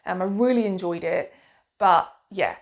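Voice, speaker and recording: A woman's voice: on the low side, a little slow, gravelly. A woman with a Suffolk accent talking casually to camera as a book reviewer, chatty and enthusiastic, with lots of fillers and restarts.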